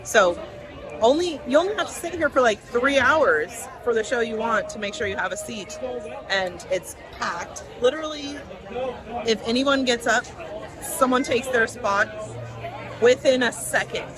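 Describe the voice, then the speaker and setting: A woman vlogging on a cruise ship, chatting excitedly about her day. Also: a little high, measured pace, music in the background, rough recording. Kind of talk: casual vlog chat. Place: busy cruise ship lounge. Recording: crowd noise. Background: crowd chatter.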